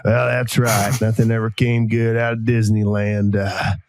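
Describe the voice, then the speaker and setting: A man's voice: on the low side, little pitch movement, unhurried, a little hiss or hum. A man putting on a pompous older Southern general. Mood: hearty. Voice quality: genteel Southern drawl.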